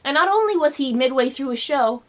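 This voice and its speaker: A young woman telling a personal story in a home vlog, animated and expressive, acting out the quotes. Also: sits high, brisk. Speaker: vlogger. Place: home room.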